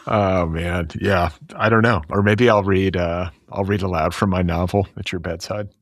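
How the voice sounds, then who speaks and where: Casting note: male podcast host, very low voice, deadpan teasing, dry close-mic sound. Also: normal speed, no room sound. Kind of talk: casual podcast banter.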